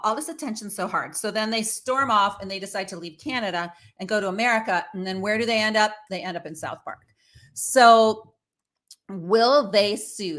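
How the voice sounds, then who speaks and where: A woman talks through the news in a casual, opinionated way, pausing on fillers as she goes. Her voice is bright and forward. It sits at an ordinary middle pitch for a woman. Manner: chatty and opinionated, with many fillers. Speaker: host. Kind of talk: casual commentary on celebrity news.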